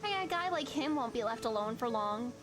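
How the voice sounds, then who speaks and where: A woman's voice: fairly high pitch, animated, brisk, lightly acted. A woman voicing a nervous, dramatic teenage girl in love, flustered and anxious, with game music under the voice.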